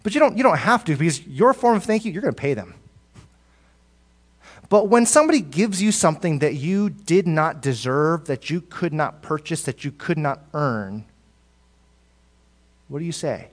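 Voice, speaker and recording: A male pastor delivering a sermon in a slightly higher voice. He swings from loud, emphatic lines down to quiet, low asides. He often repeats words as he speaks. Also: lively intonation, normal speed, long pauses.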